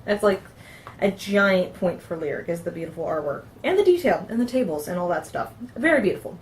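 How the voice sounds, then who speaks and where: A woman's voice: lowish voice, animated, brisk, a little hiss or hum. Chatty woman reviewing a game book. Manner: chatty, trips over words and corrects herself while reading. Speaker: tabletop game reviewer and host. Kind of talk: casual review, reading aloud from a game book.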